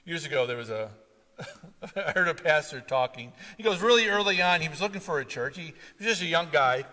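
Animated preaching man, bright, echoing hall. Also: fairly high pitch, a little fast. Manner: storytelling, animated with sudden loud outbursts. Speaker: pastor. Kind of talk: sermon. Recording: long hall reverb.

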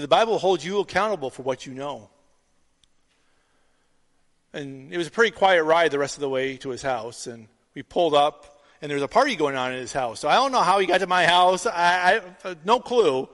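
Animated high-voiced male pastor preaching. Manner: storytelling, animated with acted-out dialogue. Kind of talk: sermon. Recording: long reverb of a hall.

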